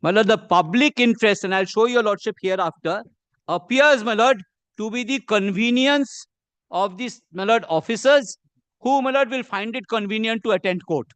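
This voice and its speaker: A man with an Indian English accent, arguing a case before a judge in measured, deferential courtroom speech. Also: high-pitched, fairly bright tone, clear, resonant tone, dry recording. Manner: measured and deferential, says "my lord" constantly. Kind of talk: formal courtroom argument.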